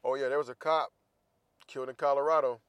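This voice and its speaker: A man's voice: mid-range voice, steady tone, quick pace, a bit bright, clear, resonant tone, dry recording. A man hosting a casual opinion monologue, talking in a blunt, profane and heated way, with sarcastic asides. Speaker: podcast host.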